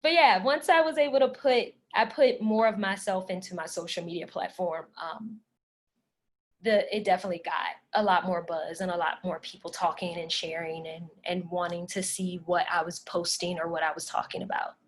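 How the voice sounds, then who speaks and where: A woman podcast host answering audience questions in a relaxed, talkative way, speaking with passion and filling pauses with "like" and "um". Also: on the low side. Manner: passionate, talkative, many "like" and "um" fillers. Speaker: podcast host leading a workshop Q&A. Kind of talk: casual conversational Q&A.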